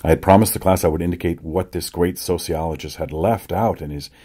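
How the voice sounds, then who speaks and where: A man narrating an audiobook in a measured, reflective first-person manner. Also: low voice, warm tone, husky.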